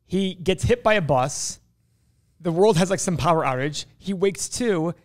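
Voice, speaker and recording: Man co-host, high voice, eager and excitable. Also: unhurried. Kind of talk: casual chat.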